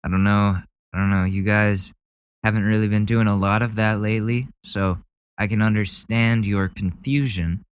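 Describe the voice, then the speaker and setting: A man's voice: fairly low pitch, fairly even intonation, normal speed, clean tone, no room sound. Sarcastic rambling podcast host man. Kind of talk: casual comedic commentary.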